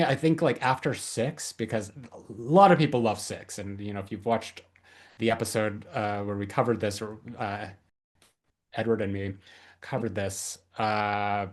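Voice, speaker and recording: A man hosting a podcast, talking casually about a horror film, with many pauses and restarts. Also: lowish voice. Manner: halting, many fillers and restarts. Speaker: podcast host.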